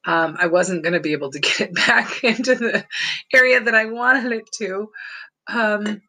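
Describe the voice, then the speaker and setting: A woman's voice: medium pitch, moderate pace, sharp tone, low-quality recording. A woman telling a personal story in a casual, rambling way, chuckling often between phrases.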